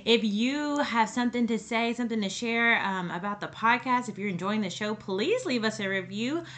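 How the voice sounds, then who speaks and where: Bright, chatty woman podcast host. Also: on the high side, lively intonation, moderate pace. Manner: chatty and informal, addresses listeners as y'all and sisters. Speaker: podcast host and parenting coach. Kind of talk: casual podcast monologue.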